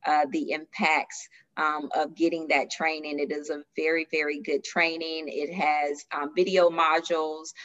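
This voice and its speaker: Low flat-voiced woman on dull audio. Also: unhurried. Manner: earnest, hesitant with many fillers. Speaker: yoga teacher guest. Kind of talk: interview answer.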